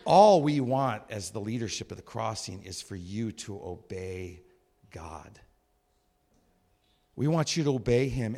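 A man preaching a sermon as a church pastor, animated, acting out voices and shouting at times. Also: medium pitch.

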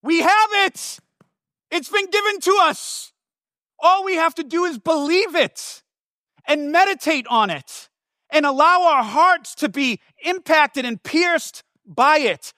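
High-pitched, emphatic male preacher. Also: a little slow, dry recording, studio quality. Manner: animated, emphatic, repeats words for stress; casual asides and restarts. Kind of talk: sermon.

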